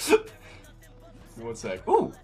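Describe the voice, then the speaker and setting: A man streaming a video game, chatting casually, swearing, laughing and yelling in bursts. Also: slow, soft background music. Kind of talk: casual gaming banter.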